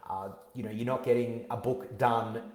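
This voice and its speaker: An energetic man in his thirties talks warmly and off the cuff, with plenty of fillers and restarts. His voice sits at an ordinary male pitch, and the room gives it a noticeable echo. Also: normal speed. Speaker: author hosting his book launch. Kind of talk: live-streamed casual talk. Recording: roomy echo.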